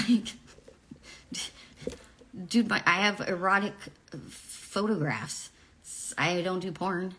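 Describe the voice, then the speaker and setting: A woman's voice: on the low side, slow, pauses often, a bit bright. A woman in her forties talking candidly to camera, blunt and profane, rambling through personal stories. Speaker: vlogger.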